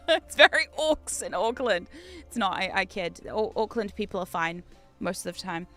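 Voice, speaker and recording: A woman's voice: mid-range voice, normal speed, fairly bright tone, faint music behind. A woman streaming a game, telling stories in a chatty, self-mocking way with frequent laughs. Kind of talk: casual chat while gaming.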